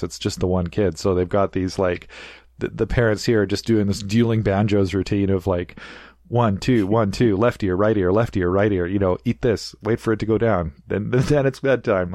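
A man's voice: lowish voice, fairly even intonation, moderate pace, a little mellow, no room sound, studio quality. A man hosting a casual film-discussion podcast, talking with enthusiasm, laughing often and acting out quoted lines. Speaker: podcast host.

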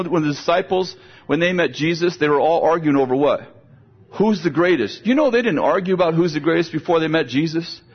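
The dull, lo-fi recording captures an older man giving a storytelling sermon in a conversational style, frequently repeating words to develop his point. His voice is a little high with a breathy edge.

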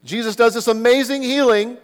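A man's voice: extremely high pitch, fairly even intonation, a little fast, long reverb tail. A man preaching a sermon, earnest, who keeps asking the listeners rhetorical questions. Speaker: pastor.

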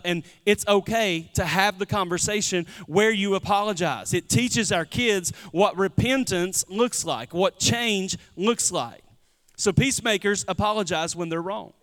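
Preaching at a measured pace, a man with a high, slightly bright voice addresses his congregation conversationally and calls out to them. The sanctuary gives the recording a long hall reverb.

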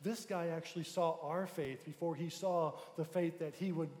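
A man who is a pastor, telling a story in a sermon, swinging between loud excitement and hushed tones. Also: on the high side, normal speed, echoey room, big-room sound. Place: church sanctuary.

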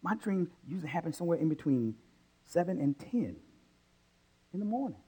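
Animated preacher man, lively pitch. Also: fairly quick, slightly rough, highs cut off. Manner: animated preaching that swings between loud bursts and hushed asides. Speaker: pastor. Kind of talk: sermon.

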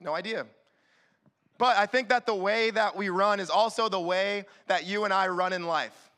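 A man preaching a sermon as youth pastor, animated and acting out quick little voices to the room. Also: sits high. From California.

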